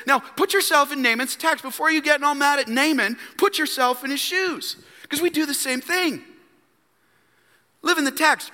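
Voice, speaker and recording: A man preaching a sermon as a pastor, emphatic and full of rhetorical questions and dramatic pauses. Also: very high voice, big pitch swings, sharp tone, long reverb tail. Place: church sanctuary.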